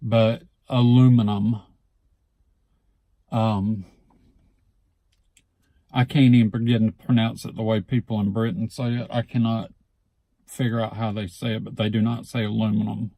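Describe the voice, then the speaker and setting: A man with a Southeast Alabama accent, casually reading a word list for his vlog and repeating each word slowly and deliberately. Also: lowish voice, level tone, dark tone, no room sound. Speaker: vlogger.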